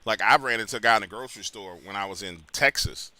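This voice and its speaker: Bright-voiced New Orleans host. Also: male voice, fairly low pitch, quick pace, slight background noise. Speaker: call-in show host. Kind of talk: casual call-in talk.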